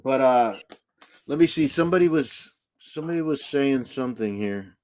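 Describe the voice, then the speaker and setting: A man's voice: medium pitch, animated, moderate pace, darkish tone. A man hosting a live stream in casual chat, easygoing and reading viewer comments aloud.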